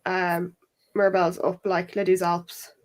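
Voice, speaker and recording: A woman's voice: lowish voice, a little slow. A woman hosting a casual chat, telling stories and asking questions in a chatty way. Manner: chatty, lively storyteller. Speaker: host.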